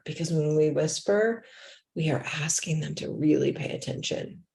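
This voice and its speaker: A woman's voice: sits low, steady tone, a little slow, roomy sound. A woman who teaches adaptive yoga, talking casually to other teachers and acting out how she speaks with her students. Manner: warm, acts out her talks with students, drops to a whisper. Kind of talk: casual talk to fellow teachers.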